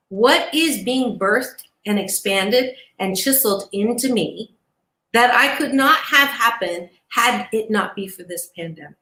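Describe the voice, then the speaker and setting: A woman motivational speaker and psychologist giving an animated, emphatic inspirational talk as an interview guest, laughing between points. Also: fairly high pitch, reverberant.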